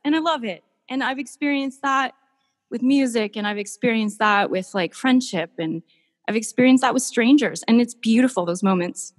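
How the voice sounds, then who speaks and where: A woman artist telling stories in a casual interview, gushing and animated. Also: fairly high pitch, moderate pace, long reverb tail. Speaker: artist guest.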